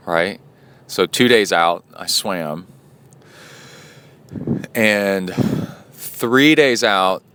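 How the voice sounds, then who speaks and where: A smooth, low-pitched voice belongs to a middle-aged podcast host and triathlon coach keeping a casual spoken diary. His talk rambles with lots of fillers and restarts, brightening into animation when he retells a story.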